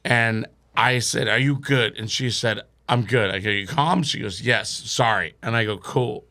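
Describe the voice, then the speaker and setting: A man's voice: mid-range voice, unhurried, sharp tone. A young man telling a wild drinking story as a podcast guest, swearing and laughing through it. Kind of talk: casual storytelling.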